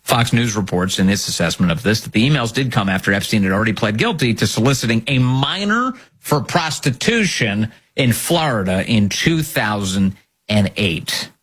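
A man's voice: fairly low pitch, expressive, normal speed, fairly bright tone, breathy edge. A man hosting political commentary, reading emails and news with a sarcastic, mocking manner.

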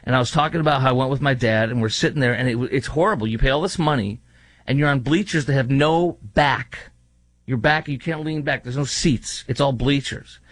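A man's voice: mid-range voice, no echo. A man hosting a talk show, giving political commentary with sarcastic, mocking asides.

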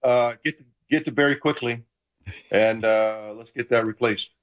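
A man in his sixties, a retired football player calling in from a room at home, telling lively stories in casual chat. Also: mid-range voice, normal speed, lo-fi sound. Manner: animated, enthusiastic anecdotes. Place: home room full of memorabilia.

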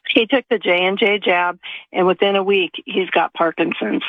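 A woman's voice: mid-range voice, normal speed, dry recording. Older woman calling in on a phone. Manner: earnest, sorrowful. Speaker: caller. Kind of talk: phone call to a radio show. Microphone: telephone. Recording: gravelly voice over a tinny phone line.

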